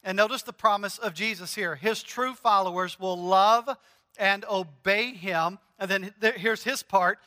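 A male pastor preaches in a chatty, animated way, slowing for emphasis. His voice sits high and bright for a man. A long reverb trails his words through a church hall. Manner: conversational, animated, joking storyteller. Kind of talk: sermon.

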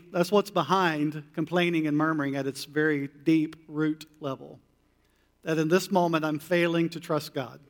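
High-voiced pastor preaching in a reverberant hall. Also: male voice. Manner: animated, mock-incredulous rhetorical questions. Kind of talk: sermon.

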